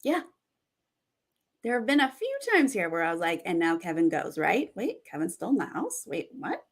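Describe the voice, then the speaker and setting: With a lowish voice and a moderate pace, a young woman runs a casual reality TV recap. She reacts excitedly and reads the audience's comments out loud.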